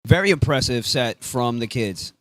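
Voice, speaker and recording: A man calling a beach tennis match live, casual and excitable, dropping Spanish phrases into his play-by-play. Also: medium pitch, normal speed, no room sound. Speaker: sports commentator.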